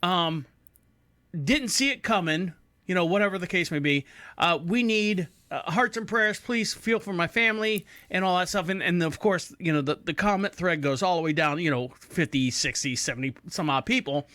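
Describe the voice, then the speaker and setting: A man's voice: sits high, moderate pace, no echo. A man in his forties hosting a podcast in casual chat, telling stories animatedly and acting out quoted people. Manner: animated storyteller who acts out quoted people. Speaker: podcast host.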